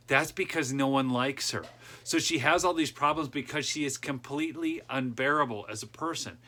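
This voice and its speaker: A man's voice: fairly high pitch, sharp tone. Sarcastic male political podcast host. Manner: sarcastic, with laughing asides. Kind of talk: opinion commentary reading news.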